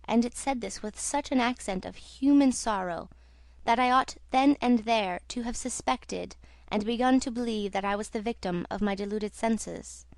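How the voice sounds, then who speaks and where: A woman reading the part of an earnest young female opera singer in an audiobook, in a soft confiding tone. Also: on the high side, normal speed, dry recording, close to an everyday voice.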